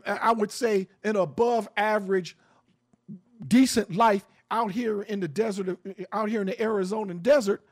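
A man's voice: sits high, fairly bright tone. A man hosting an opinionated talk show, speaking bluntly and emphatically with frequent swearing, often restarting and repeating words as he builds his point.

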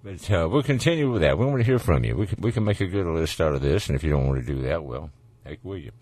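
Southern male radio host, very low voice, dry studio sound, easygoing banter. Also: animated, quick pace, a little mellow, no room sound. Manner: folksy, rambling, jokey. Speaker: radio call-in show host. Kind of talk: casual radio talk.

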